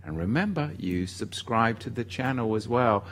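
Man, livestream ministry host, reads chat comments, upbeat, sharp bright tone. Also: medium pitch, animated, normal speed, slight background noise. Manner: chatty and upbeat, calling out viewers by name. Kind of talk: live-stream chat, reading viewer comments aloud.

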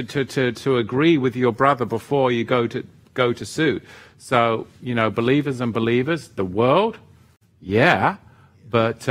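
A man's voice: mid-range voice, a bit bright. A middle-aged man from England whose accent has drifted toward American, hosting a live stream where he reads out viewer comments and answers them in a loose, rambling way. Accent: mid-Atlantic mix of English and American. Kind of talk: casual live chat.

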